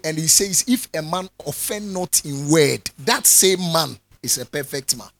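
A man preaches a sermon, his fairly high voice leaping up and down in pitch as he jokes with the people and calls for answers. His delivery is animated and conversational. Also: unhurried. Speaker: pastor.

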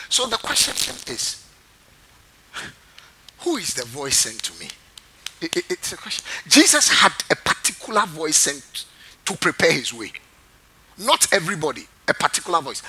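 Male pastor, unhurried, sharp bright tone, keeps quizzing the congregation and repeating lines. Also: high-pitched, slightly rough. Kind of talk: sermon with call-and-response.

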